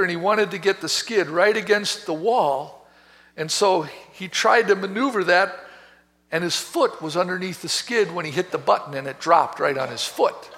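A man preaching a sermon as pastor, telling a story with passion, swinging between hushed and loud. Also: fairly high pitch. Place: church sanctuary. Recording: reverberant church hall.

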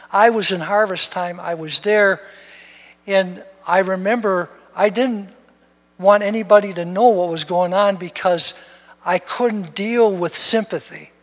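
A man with a high voice preaches in a large hall, his words trailing in long reverb. He tells stories in an animated way, doubling words as he pushes on. An older pastor. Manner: storytelling, animated, repeats words when excited. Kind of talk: sermon. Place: church sanctuary.

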